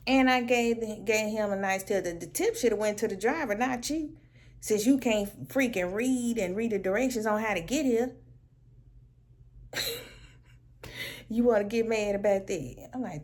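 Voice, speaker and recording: A woman telling a casual storytime vlog at home, animated and sassy, laughing often. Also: mid-range voice, moderate pace. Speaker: vlogger.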